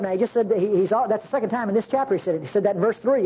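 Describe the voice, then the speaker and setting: A woman preaching a sermon in an animated, conversational way, asking the congregation questions. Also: mid-range voice, quick pace, few pauses, dull audio, a little hiss or hum.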